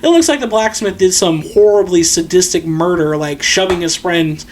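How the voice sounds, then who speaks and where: A podcast co-host recapping a film in casual chat, telling it in an animated, indignant way with plenty of swearing. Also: medium pitch, moderate pace, a little hiss or hum. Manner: animated, heavily profane, indignant retelling.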